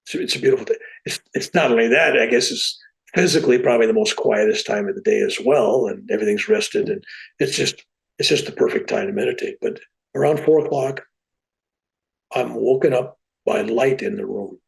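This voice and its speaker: Gravelly-voiced man telling a story. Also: medium pitch, a little fast, rough recording. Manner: animated, with a relaxed plain-spoken delivery. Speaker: podcast guest. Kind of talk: casual spoken storytelling.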